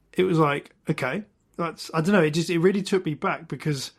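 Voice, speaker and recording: A man co-hosting a podcast, sharing personal experiences candidly with a hesitant, searching way of talking. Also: medium pitch. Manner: candid, hesitant, many fillers and restarts. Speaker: podcast co-host. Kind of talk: casual podcast conversation.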